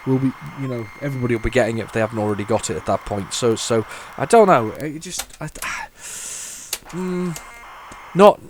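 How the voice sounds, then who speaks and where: A man hosting a retro gaming channel, rambling through casual gameplay commentary, thinking aloud with many restarts and bursts of excitement. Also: mid-range voice, normal speed, a little hiss or hum. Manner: excitable bursts over the game.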